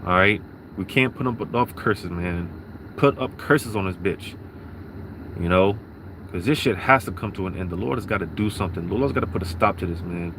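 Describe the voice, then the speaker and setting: A man's voice: sits low, brisk, creaky, background noise. A man giving a rambling religious talk from his parked car, repeating himself with lots of fillers and sniffs. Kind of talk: casual religious monologue.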